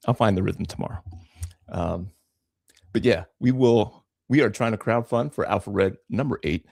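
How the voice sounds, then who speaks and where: Gravelly low-voiced man chatting on a livestream. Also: a little mellow, dry recording, studio quality. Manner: rambling, repeats words, many fillers. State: a little out of breath. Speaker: comic artist hosting a live draw stream. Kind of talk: casual livestream chat.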